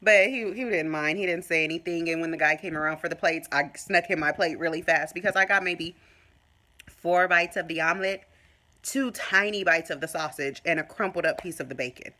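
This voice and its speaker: A woman vlogging casually to her phone, telling a story in an animated way and acting out what people said. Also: on the low side, brisk. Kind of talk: casual chat to camera.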